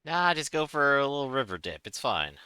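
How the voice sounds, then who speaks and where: A man's voice: mid-range voice, sing-song, a little fast, bright, forceful tone, clear, resonant tone, no echo, clean studio sound. A man playing in a tabletop game, chatting casually and teasing the others. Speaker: player.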